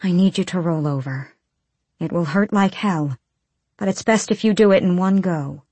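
A woman voicing a calm, determined female healer who speaks in a steady, firm, commanding way. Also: on the low side, normal speed, slightly rough, no room sound.

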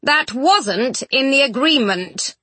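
A woman's voice: a little high, lively intonation, moderate pace, fairly bright tone, husky, dry recording. A woman doing a whiny ghost-possessed old king. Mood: whining. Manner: whiny, stubborn. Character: fretful ghost inside an old king's body, male.

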